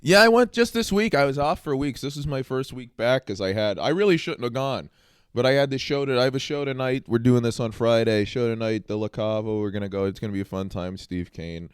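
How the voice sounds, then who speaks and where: A man's voice: mid-range voice, fairly quick, clear, resonant tone, no room sound, studio quality. A man co-hosting a casual podcast, joking crudely and provocatively in loose banter. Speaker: podcast co-host, comedian.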